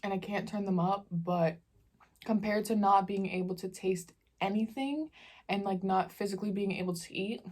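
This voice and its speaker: A young woman talking casually to her camera while she eats. She tells stories in a relaxed, slangy way, full of fillers, at a mid pitch. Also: normal speed. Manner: chatty slangy storytelling while eating. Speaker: vlogger. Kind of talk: casual mukbang Q&A chat.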